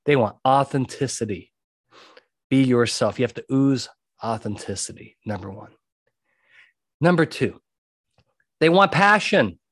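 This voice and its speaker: A man's voice: medium pitch, animated, measured pace, pauses often, fairly bright tone, slightly rough, no echo, studio quality. A man hosting a podcast, talking emphatically and repeating his key points as he gives advice. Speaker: podcast host and jury consultant. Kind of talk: conversational monologue giving advice.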